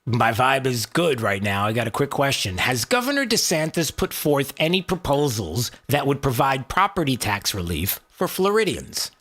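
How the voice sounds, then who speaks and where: A man's voice: mid-range voice, very animated, normal speed, few pauses, a bit bright, slight background noise. A male talk radio host chatting casually in a studio, rambling and joking with plenty of restarts.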